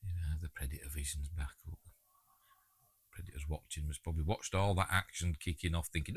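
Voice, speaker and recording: A man's voice: rumbling low, fairly even intonation, brisk, breathy edge, no echo. A man with a Yorkshire accent giving a chatty, jokey audio commentary on a film and talking back to the characters on screen. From England.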